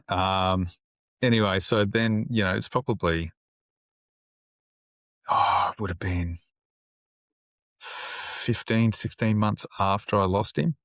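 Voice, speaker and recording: A man's voice: fairly low pitch, fairly even intonation, slow, pauses often, a bit bright, no echo. A man who works as a police officer, sombre and plain-spoken, swearing freely as he tells his story in a casual interview on a close podcast mic.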